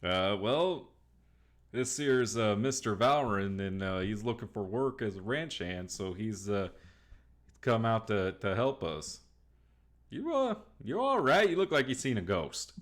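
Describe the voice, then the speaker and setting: A man's voice: on the low side, very animated. A man doing a drawling old frontier rancher. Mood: weary. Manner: folksy drawl, halting and hesitant. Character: older frontier rancher, homely and hard up.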